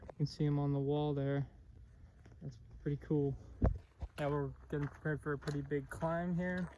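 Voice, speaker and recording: A young man talks into a handheld camera as he hikes a mountain trail, chatty and upbeat, with fillers here and there. His voice sits a bit high and stays level without much rise and fall. Outdoor noise runs clearly under the whole recording. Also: little pitch movement, moderate pace, warm tone, muffled recording. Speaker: hiker filming his own trip. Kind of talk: casual vlog narration. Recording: noisy outdoor camera audio.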